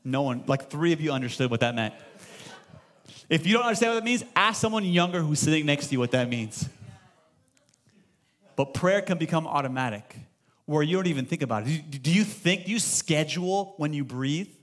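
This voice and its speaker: Animated high-voiced man preaching. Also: brisk. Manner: animated storytelling, acts out dialogue. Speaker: pastor. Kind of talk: sermon. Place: church sanctuary.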